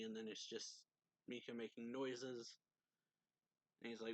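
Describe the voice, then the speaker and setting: Brief: young male reviewer, loose chatty recap, mid pitch, dry close mic. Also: flat delivery, moderate pace, a bit bright, no echo. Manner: rambling, loose retelling with many fillers and light laughs. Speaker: anime reviewer. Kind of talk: casual recap of a manga chapter.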